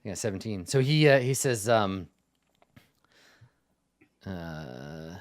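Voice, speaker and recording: A man's voice: deep voice, big pitch swings, slow pace, pauses often. A man running a tabletop game as game master, narrating casually with lots of fillers and laughs.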